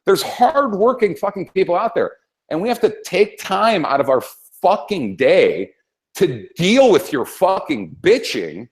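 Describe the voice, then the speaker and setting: Foul-mouthed ranting man, lively pitch. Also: unhurried. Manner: swears constantly, heated and rambling with restarts. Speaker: co-host. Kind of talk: profane political rant.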